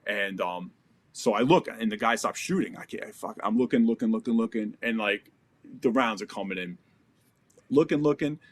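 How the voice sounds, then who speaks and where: A man's voice: on the low side, moderate pace. An American man in his forties, a podcast guest telling a war story in a casual, profane and vivid way. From United States. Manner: profane, vivid, re-enacts dialogue.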